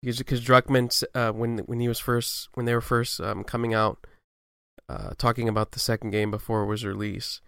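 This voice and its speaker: A man with a smooth, resonant voice works through his thoughts on a show's themes, hedging and restarting as he goes. The delivery is casual and conversational. The recording is dry and close, with no room sound. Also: mid-range voice, flat delivery, a little fast, fairly bright tone, no room sound. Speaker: podcast co-host. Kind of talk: casual analysis chat.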